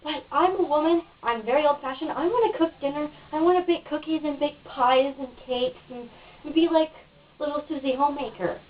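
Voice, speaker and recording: A woman's voice: high voice, brisk. A woman being interviewed in a casual home video, talking in a frustrated, cynical rant. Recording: dull lo-fi, mic at a distance.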